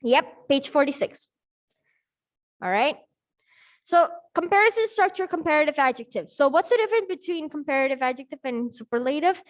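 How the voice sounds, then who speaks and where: A woman's voice: sits high, animated, normal speed. A woman teaching an English grammar lesson over a video call, upbeat, checking in with the class often. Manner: upbeat, checks in often with "okay?" and "all right?".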